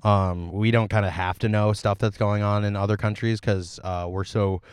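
A man's voice: lowish voice, fairly even intonation, normal speed, clear, resonant tone, no room sound, studio quality. An American man co-hosting a podcast, joking around in casual chat and slipping into silly voices. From United States. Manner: jokey, does silly voices and sings. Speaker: podcast co-host.

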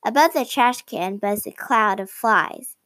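A woman reading a children's chapter book aloud in a slow, careful storybook manner. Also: fairly high pitch, a bit bright, no echo. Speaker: reader.

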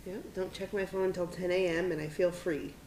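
A woman's voice: fairly low pitch, fairly even intonation, brisk, mellow, reverberant, a little hiss or hum. A woman co-hosting a podcast in casual chat, teasing her friends and laughing often. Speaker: podcast co-host.

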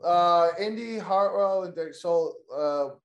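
Excitable slangy man in an echoey room. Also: high-pitched, a little slow, gravelly. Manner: excitable, slangy, swearing, frequent "yo" and "dude". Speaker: podcast host. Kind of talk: casual wrestling recap chat.

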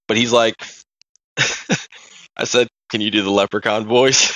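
A man co-hosting a podcast, telling stories in an animated way, laughing often and swearing casually. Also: mid-range voice, fairly quick, dry recording. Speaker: podcast co-host. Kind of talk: casual chat.

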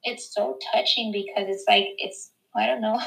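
A young woman guest in a casual chat, talking in an emotional, halting way with many fillers. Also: mid-range voice, steady tone, vocal fry, fairly bright tone, poor audio. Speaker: podcast guest.

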